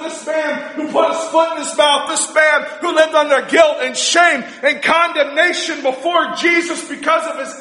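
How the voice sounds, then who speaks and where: A man preaching a sermon with passion, driving points home through repeated phrases and shouted emphasis. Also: very high voice. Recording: echoey hall with long reverb.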